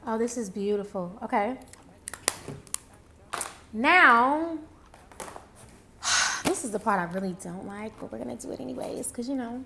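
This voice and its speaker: A woman's voice: fairly high pitch, creaky, sharp tone, slight background noise. A young woman talking viewers through her makeup routine in a casual, chatty way, often addressing them directly and talking to herself. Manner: chatty, talks to viewers and herself, drawn-out exclamations. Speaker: beauty vlogger.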